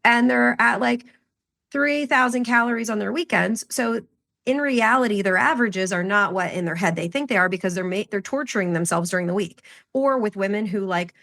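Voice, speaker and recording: A woman's voice: mid-range voice, a little fast, vocal fry, a bit bright. A woman co-hosting a podcast, talking casually as a health coach and explaining with client examples.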